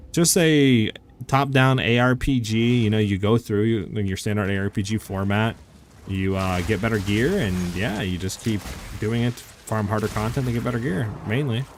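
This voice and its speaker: A man's voice: on the low side, a little hiss or hum. Chatty young male game streamer. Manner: chatty, answers chat, many "like" fillers. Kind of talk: casual live-stream commentary.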